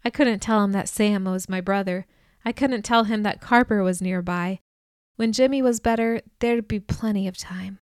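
Brief: female audiobook narrator, first person, even clear read, mid pitch, dry booth sound. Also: moderate pace, dry recording.

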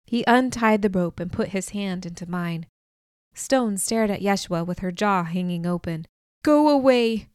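A woman reading a novel aloud as first-person narrator, in a measured, even manner. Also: lowish voice, smooth, no echo, clean studio sound. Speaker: audiobook narrator.

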